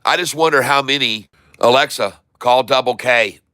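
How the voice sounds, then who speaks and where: A man talks through his live stock trades and calls out each price and fill as it happens. His voice is bright and smooth. The sound is dry and close. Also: mid-range voice, dry recording. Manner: running commentary, repeating tickers slowly. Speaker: stock trading streamer. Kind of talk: live day-trading commentary.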